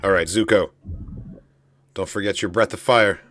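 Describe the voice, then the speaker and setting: A man giving casual reaction commentary on a show, animated, loud and joking, with some swearing. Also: sits low, moderate pace, music in the background. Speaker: reaction host.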